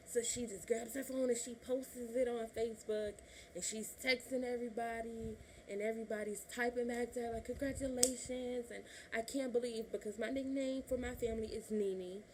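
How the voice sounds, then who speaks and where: Speaking at a normal speed in a slightly high, somewhat mellow voice, a 21-year-old woman from Illinois chats to her camera in a vlog. She shares a personal story, laughs a lot and performs her family's lines, with faint hiss or hum audible.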